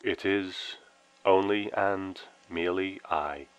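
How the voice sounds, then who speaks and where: Male narrator plays a warm, solemn voice from beyond; deep, dry, intimate. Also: takes it slowly, smooth, no room sound, dull audio. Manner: solemn, wry, intones.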